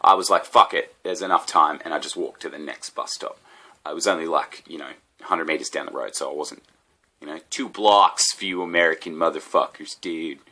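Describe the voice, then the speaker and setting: A man's voice: very deep voice, fairly quick, pushed and bright. An Australian man, a comedian, telling a rambling, profane story with laughs at his own tangents. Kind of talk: casual comedic rant.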